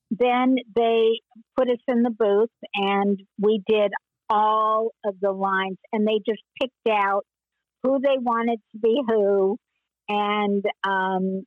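Older woman, interview guest, slow and wandering, laughs often; dry, muffled sound. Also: medium pitch, dry recording. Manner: slow, meandering storytelling with frequent laughs. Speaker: interview guest, former child actress. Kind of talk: reminiscing interview.

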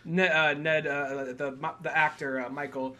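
A man's voice: a little high, little pitch movement, measured pace. Rambling young man reviewing a film. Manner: rambling, many fillers, acts out quotes loudly. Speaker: podcast host. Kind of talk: casual film review chat.

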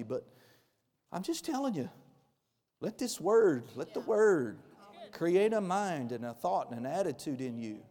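A pastor in his forties preaching a sermon, with emphatic loud bursts that drop into quiet, close asides. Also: fairly high pitch, long reverb tail. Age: 40s.

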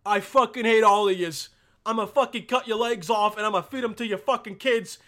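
A man voicing a cruel male dictator who shouts threats at the people. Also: high-pitched, brisk. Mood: menacing. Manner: shouting, menacing.

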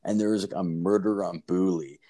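A man's voice: low-pitched, steady tone, brisk, dark tone. A man telling a story in casual chat, rambling and swearing, with lots of filler words.

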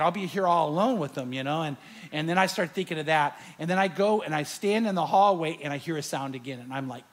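A man preaching to a large live audience, telling a story animatedly and acting out his own fright. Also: high-pitched. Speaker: pastor. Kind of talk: sermon with storytelling.

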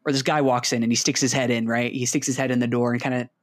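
A man's voice: mid-range voice, quick pace, dry recording. A young man casually telling a long story to a friend, acting out the people in it. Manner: animated storyteller, acts out quotes.

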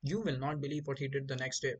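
A man's voice: medium pitch, fairly even intonation, quick pace, slightly rough, rough recording. A man hosting a podcast, telling rambling stories in casual chat with lots of swearing and stumbling restarts. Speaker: podcast host.

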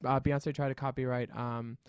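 A man's voice: mid-range voice, little pitch movement, moderate pace, clean tone, dry recording. A man guesting on a podcast, chatting casually with a campy, witty, sassy delivery. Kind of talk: casual chat.

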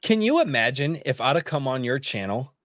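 A man's voice: mid-range voice, brisk, dry recording, studio quality. A man hosting a podcast, talking casually and animatedly, swearing a lot and acting out what he said to people. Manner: animated, profane, laughs often, acts out quotes. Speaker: podcast host.

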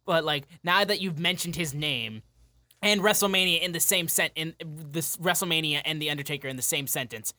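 A young man recaps wrestling shows for a co-host in a casual chat. His voice is bright and a little high, heard close and dry. He gets excitable about the events. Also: a little fast, no room sound. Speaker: podcast co-host.

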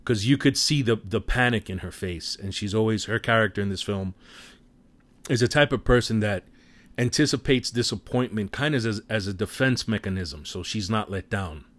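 A man casually retelling a movie plot in an animated way, with offhand swearing. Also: lowish voice, normal speed, no echo. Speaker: film recap commentator.

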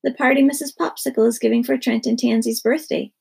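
A bossy, rule-minded little storybook girl who insists on every point, as a woman reader puts her on. Her voice is raised, gravelly and husky. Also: on the high side, fairly even intonation, fast, a little mellow, exaggerated voice. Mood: insistent. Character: bossy little sister, stickler for rules.

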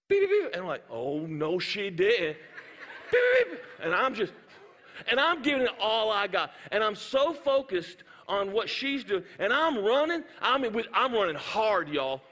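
Male pastor, high voice, lively sermon storyteller, hall echo. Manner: animated storytelling with sound effects. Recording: hall reverb.

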